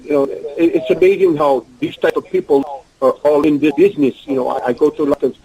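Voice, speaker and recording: A man with a Russian accent, talking fast in a slightly high voice, tells rambling stories in broken English as a guest in a phone interview. He does animated voices when quoting people, and the recording quality is low.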